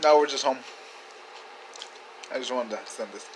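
A man telling a story in a casual video message, rambling and laid-back, with many fillers and casual swearing, growing loud and excited as it builds. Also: medium pitch, normal speed, a little hiss or hum, low-quality recording. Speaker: sender of a video message to a friend. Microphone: phone video message.

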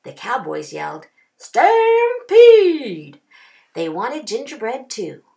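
A woman kindergarten teacher reading a picture book aloud, expressive with drawn-out phrases. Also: on the low side, vocal fry.

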